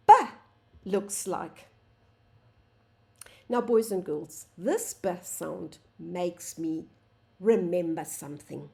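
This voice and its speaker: A woman teaching a phonics lesson to young children, sounding out letters and words slowly and calling the class "boys and girls". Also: lowish voice, lively intonation, warm tone. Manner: slow, sing-song, sounds out letters, addresses "boys and girls".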